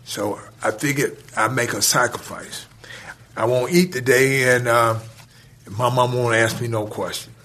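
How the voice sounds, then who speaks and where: A man telling a story from his youth in casual speech, acting out the dialogue and laughing between lines. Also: medium pitch. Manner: animated, retells scenes with quoted dialogue, laughs between lines; colloquial grammar, drawn-out pauses. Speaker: guest telling a life story.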